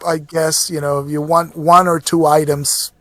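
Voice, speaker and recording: High-voiced man running a tabletop game. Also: moderate pace, no echo. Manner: relaxed, stumbling restarts. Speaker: game master.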